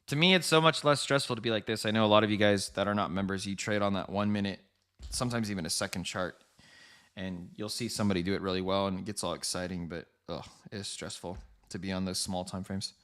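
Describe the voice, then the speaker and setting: Hosting a live trading stream, a man chats casually with viewers, speaking to them directly, commenting on the markets, and laughing often. His voice sits low but has a fairly bright tone, and he talks quickly.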